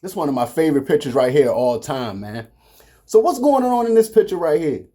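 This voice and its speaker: A man's voice: a little high, very animated, brisk, warm tone. A man in his forties with a Baltimore accent, casually chatting and teasing in a family vlog. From Baltimore, Maryland. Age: 40s. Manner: playful, teasing, laughs often. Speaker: vlogger.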